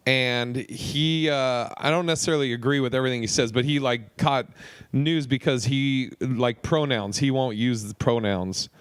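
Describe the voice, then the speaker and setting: A man's voice: mid-range voice, moderate pace, clear, resonant tone, dry recording, studio quality. A man co-hosting a casual podcast chat, rambling through stories with lots of filler words and swearing. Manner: rambling with many fillers and profanity. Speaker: podcast co-host.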